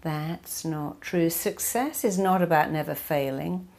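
A woman's voice: low voice, unhurried, gravelly, a little mellow. A woman therapist giving a motivational talk, emphatic and building her points through repeated lists.

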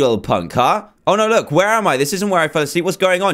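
A man's voice: sits high, big pitch swings, fast talker, hardly any pauses, fairly bright tone. Jumpy man playing a horror game. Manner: nervous, jumpy reactions and pleading. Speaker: gamer. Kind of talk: horror game let's play commentary.

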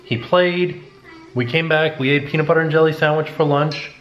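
A man co-hosting a home vlog, telling stories in a relaxed, casual way. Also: fairly high pitch, moderate pace, muffled recording. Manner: relaxed storytelling with quoted asides. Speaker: vlog co-host and father. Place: family home. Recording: echoey home room.

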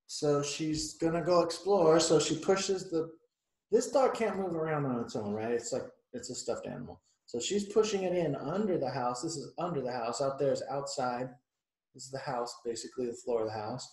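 A male teacher reads a picture book aloud to children at normal speed, his medium-pitched voice a little mellow. He chats along the way, explaining the pictures and asking the kids questions. The recording is rough and reverberant.

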